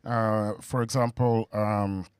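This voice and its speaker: A young man doing a stand-up comedy set, halting and full of fillers, on a stage mic in front of a live audience. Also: lowish voice, steady tone, smooth, dry recording, clean studio sound. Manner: halting, with many fillers and restarts. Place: comedy venue before a laughing crowd.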